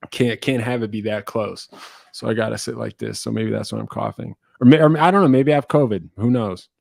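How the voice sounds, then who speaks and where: A music YouTuber sits at his computer indoors, casually rambling through viewer questions, cutting himself off with wry asides and coughing now and then. His voice is on the low side, steady and brisk, with vocal fry and a slightly mellow quality. The webcam-setup recording is studio clean with no echo.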